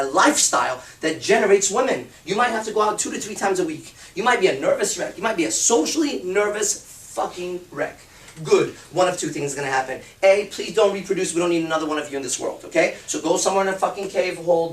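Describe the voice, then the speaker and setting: A man's voice: sits high, distant mic. A man giving a live seminar talk to an audience, blunt and emphatic, swearing freely. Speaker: seminar speaker. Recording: roomy hall, speaker off-mic.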